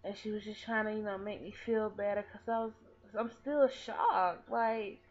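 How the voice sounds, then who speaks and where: A woman's voice: medium pitch, steady tone, normal speed. A woman in her twenties telling a personal story in a vlog, earnest and rambling, with lots of "like.". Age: 20s. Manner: earnest, rambling, heavy use of "like". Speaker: vlogger. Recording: tinny phone-like audio.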